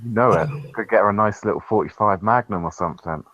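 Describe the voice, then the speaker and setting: A man's voice: fairly low pitch, fast, lo-fi sound, crowd noise. A man in a casual group chat, joking and crude, using slang like "mate". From Britain.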